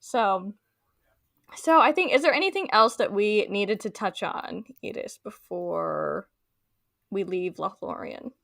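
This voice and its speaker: A woman's voice: mid-range voice, expressive, takes it slowly, creaky, a bit bright, dry recording, clean studio sound. A woman co-hosting a casual book discussion podcast, chatty with many fillers and playful quoted voices. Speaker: podcast co-host.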